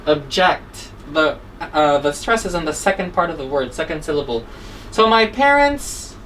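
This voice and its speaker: Lower-pitched woman teacher, slightly off-mic. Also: recorded from a distance, a little hiss or hum, poor audio. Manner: checks in with frequent "right?" and "okay?". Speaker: English teacher. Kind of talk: online exam-prep class.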